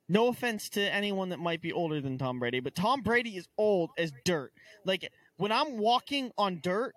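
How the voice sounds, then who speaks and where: A man's voice: sits high, fairly bright tone. A young man co-hosting a casual sports podcast, ranting in exasperation with stammered restarts. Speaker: podcast co-host.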